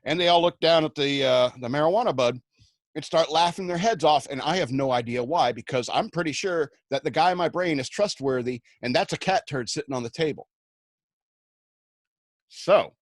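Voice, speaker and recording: A man's voice: medium pitch, normal speed, no room sound. A man hosting a radio show tells a rambling, self-mocking comic story, slipping into the voices of the people in it. His voice sits in a middle register and is recorded close and dry, with no room sound. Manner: rambling, self-mocking anecdotes with acted-out quotes.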